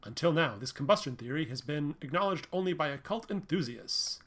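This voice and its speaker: A man's voice: fairly high pitch, animated, fairly quick, a bit bright. A man reading as a smug, pushy TV reporter. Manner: pushy, self-important. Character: smug male TV news reporter.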